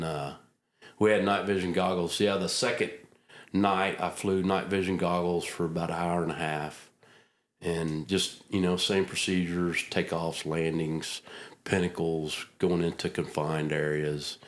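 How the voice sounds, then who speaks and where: A middle-aged man, a retired army helicopter pilot, telling stories in a casual, folksy interview. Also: low voice. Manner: folksy anecdotal storyteller, acts out quotes. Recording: roomy echo.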